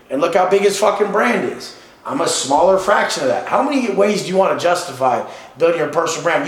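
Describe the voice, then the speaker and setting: A man from San Diego hosting a podcast, talking bluntly and profanely in a boastful, casual way. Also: fairly high pitch. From San Diego, California. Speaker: podcast host. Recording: roomy echoing room.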